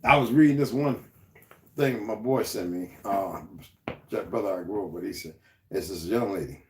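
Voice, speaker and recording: A man's voice: on the low side, moderate pace, a little mellow, a little hiss or hum. A man hosting a livestream, ranting in a heated, profane way and greeting viewers from the chat. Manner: greets viewers and reads their chat comments aloud. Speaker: livestream host. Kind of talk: unscripted livestream rant.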